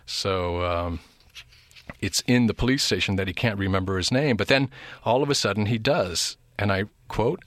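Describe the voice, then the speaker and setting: Measured lecturing man, low and dry. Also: fairly bright tone, dry recording. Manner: measured, thoughtful, pausing between phrases. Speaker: literature lecturer. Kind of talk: academic lecture.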